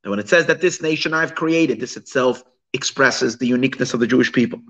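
A man's voice: mid-range voice, fast talker, fairly bright tone, dull audio. A man teaching a text study class, asking rhetorical questions and mixing Hebrew and Yiddish terms into his English explanation. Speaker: Torah teacher.

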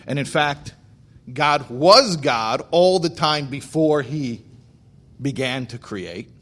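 A man speaking as a rabbi, telling stories about faith with slow, emphatic delivery. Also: on the high side. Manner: animated storyteller acting out dialogue. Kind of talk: storytelling talk on faith.

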